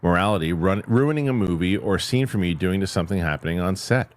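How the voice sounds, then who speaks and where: A man's voice: deep voice, animated, fast talker. A man hosting a casual livestream chat, reading out viewer questions and joking with his co-hosts. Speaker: host.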